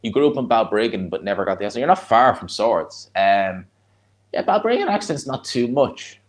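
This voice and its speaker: A man with a North Dublin accent and a fairly low voice chats through a live fight watch-along. He rambles and restarts his sentences, then breaks into excited reactions to the punches. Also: normal speed. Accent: North Dublin (Fingal). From Ireland.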